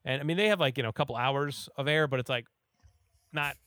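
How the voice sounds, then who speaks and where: Fast-talking man recapping a movie. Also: medium pitch, a bit bright, clean tone, no room sound, studio quality. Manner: rambling, filler-heavy, acts out quotes.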